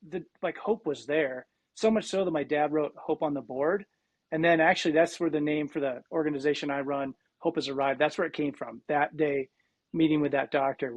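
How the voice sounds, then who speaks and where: Male guest, 40s, from South Dakota; slightly raised pitch, dry close mic, animated storyteller. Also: no echo. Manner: animated, frequent restarts and quoted dialogue. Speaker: guest, cancer survivor. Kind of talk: casual storytelling interview.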